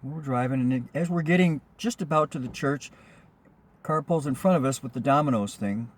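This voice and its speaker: Chatting at a normal speed in a mid-range voice, a man who drives for a rideshare service rambles through a casual story from his own life, often saying um and starting sentences over.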